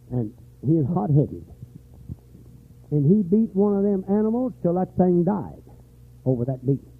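An older man preaching a revival sermon, dropping to weary low talk and rising to shouted, high-pitched fervor. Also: a little hiss or hum. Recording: tinny lo-fi church recording.

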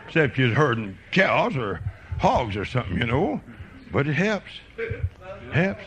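Male preacher, fervent folksy storyteller, animated delivery with a bright, forceful edge. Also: mid-range voice, measured pace, long pauses. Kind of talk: sermon.

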